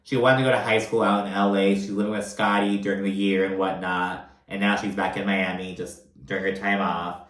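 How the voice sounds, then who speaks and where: A man's voice: low-pitched, little pitch movement, fairly quick, hardly any pauses, a bit bright. A man recapping a reality TV episode in casual, chatty commentary, swearing freely and filling his talk with "like" and "you know". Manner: chatty, profane, filler-heavy. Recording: roomy echo.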